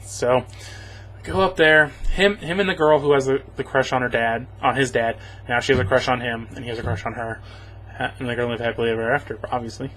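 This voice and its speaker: A man's voice: mid-range voice, brisk, a bit bright, a little hiss or hum. A man giving a rambling, sarcastic spoken movie review, chuckling as he goes. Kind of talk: casual spoken film review.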